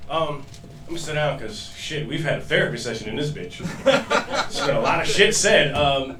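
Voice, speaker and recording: Man, stand-up comic, slightly high voice, rambling, profane, roomy echo. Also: moderate pace, recorded from a distance, background noise. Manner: profane, rambling, laughing asides. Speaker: stand-up comedian. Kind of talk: stand-up comedy set.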